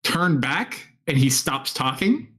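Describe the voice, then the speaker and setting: A man narrating a tabletop game as game master, relaxed and laughing often. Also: a little high, slow.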